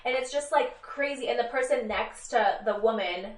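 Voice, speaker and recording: Young female co-host, lively storyteller, slightly high, roomy off-mic sound. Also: moderate pace. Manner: animated, lots of fillers, acts out quotes. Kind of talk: casual news recap chat. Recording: roomy and a bit distant from mic.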